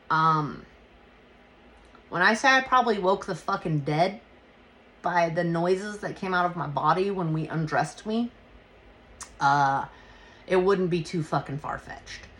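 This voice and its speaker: A woman hosting a podcast, telling a story casually, swearing freely and acting out what she said. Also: fairly low pitch. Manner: profane, animated retelling with quoted exclamations. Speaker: podcast host.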